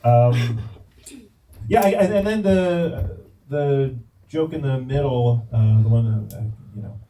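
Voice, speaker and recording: A man on a judging panel talks through his feedback on a comedy set, thoughtful and hesitant. His voice is mellow and dark. He sounds a little distant from the mic, with faint noise behind him. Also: medium pitch, takes it slowly. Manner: hesitant, thoughtful, many fillers. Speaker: judge. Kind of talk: judge's feedback at comedy show. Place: comedy club.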